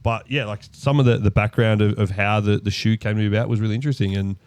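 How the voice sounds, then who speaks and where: A man's voice: on the low side, fairly even intonation, fast, darkish tone, no room sound. A man co-hosting a podcast, chatting casually about a film he finally watched. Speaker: podcast co-host.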